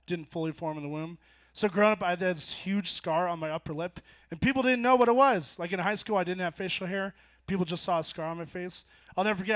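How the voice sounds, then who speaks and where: A young man in his twenties performing a stand-up set on a bar stage, telling stories deadpan and then jumping into loud punchlines. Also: high-pitched. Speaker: stand-up comedian. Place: bar stage before a live audience.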